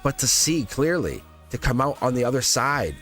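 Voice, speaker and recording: Male tarot livestream host, mid pitch, loose rambling delivery with frequent chuckles, soft music under. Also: very animated, normal speed. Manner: rambling, repeats phrases, chuckles often. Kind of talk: live tarot reading, casual spiritual talk.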